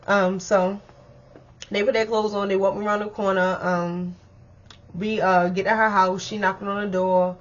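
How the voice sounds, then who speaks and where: A young woman telling a personal story in a chatty, animated way, full of slang and speaking straight to her viewers. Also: medium pitch, moderate pace, dull audio. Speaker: storyteller vlogger. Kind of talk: casual storytime.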